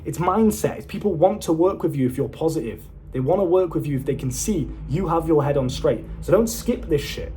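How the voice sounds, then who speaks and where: A young man giving a casual motivational monologue as a self-improvement coach, blunt and swearing, telling stories with excitable energy. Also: a little high, fairly quick, hardly any pauses, slight background noise. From United Kingdom.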